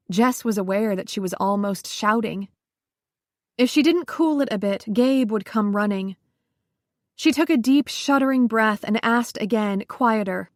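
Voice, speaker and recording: A woman audiobook narrator delivers scripted narration slowly and deliberately in a mid-range voice. The studio sound is clean, with no room sound at all.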